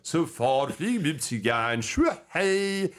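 A man's voice: a little high, expressive, slow pace, voice pushed up. Dude doing a silly youtuber guy, fake scandi gibberish, bouncy sing-song. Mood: goofy. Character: goofy male internet star spouting mock Swedish.

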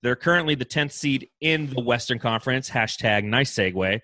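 A man hosting a casual sports podcast, energetic and joking. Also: medium pitch, moderate pace. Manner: energetic, joking, hypes the team. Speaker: podcast host.

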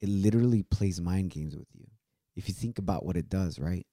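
A man's voice: sits low, fairly quick, dark tone, dry recording. A man, talking earnestly in a casual heartfelt chat from a home studio. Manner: earnest, mixes in Spanish words. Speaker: co-host.

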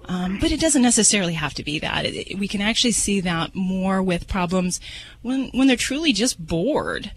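A woman's voice: mid-range voice, animated, normal speed, low-quality recording. Chatty woman veterinarian on the radio. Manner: warm, chatty, says um a lot. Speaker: veterinarian guest. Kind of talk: explaining on a call-in radio show.

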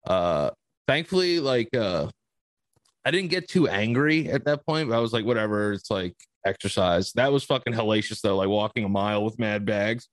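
A man's voice: on the low side, animated, normal speed, dry recording. A young man, cursing casually as he tells a long story on a podcast. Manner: profane, rambling storyteller. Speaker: podcast host.

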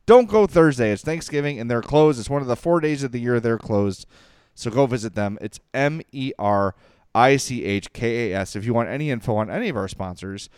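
Excitable guy chatting sports on a podcast, pitch jumps all over, clean dry sound. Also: clear, resonant tone, dry recording. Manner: animated, excitable. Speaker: podcast co-host. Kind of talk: casual sports chat.

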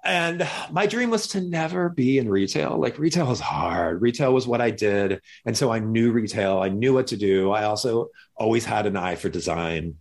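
A man's voice: fairly low pitch, normal speed, few pauses. Guy telling stories in a chat, voice jumps all over when he acts people out. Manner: animated, acts out other people's lines in jumpy voices. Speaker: guest. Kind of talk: casual storytelling.

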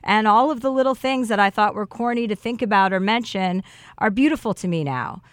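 A woman's voice: mid-range voice, fairly quick, no room sound. A woman on a podcast, sharing an earnest and heartfelt personal story in casual chat.

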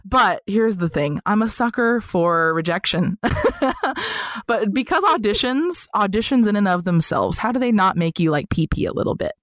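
A woman's voice: medium pitch, moderate pace, no room sound, studio quality. Chatty woman guest, bubbly storyteller. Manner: chatty, animated storyteller full of "like" who slips into comic voices. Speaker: podcast guest. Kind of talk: casual interview chat.

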